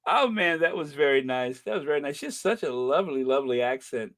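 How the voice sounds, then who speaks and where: An American man hosting a casual livestream, chatting warmly with a caller and reading viewer comments aloud in a rambling way. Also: a little high, animated, quick pace. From United States. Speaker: livestream host.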